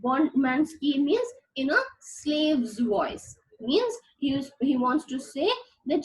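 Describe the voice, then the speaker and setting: A woman's voice: sits high, sing-song, takes it slowly, darkish tone, poor audio. A woman teacher explaining a play line by line, paraphrasing patiently with many fillers. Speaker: literature teacher.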